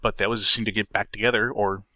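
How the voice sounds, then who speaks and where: A man's voice: fairly low pitch, flat delivery, fast talker, pushed and bright, no room sound, studio quality. A man co-hosting a casual podcast, rambling and swearing offhandedly as he jokes. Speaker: podcast co-host.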